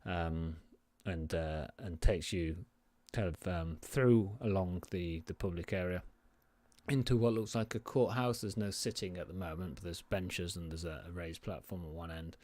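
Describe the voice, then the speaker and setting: Low-voiced man narrating as game master. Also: moderate pace, a little mellow, dry recording. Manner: rambling, filler-heavy narration.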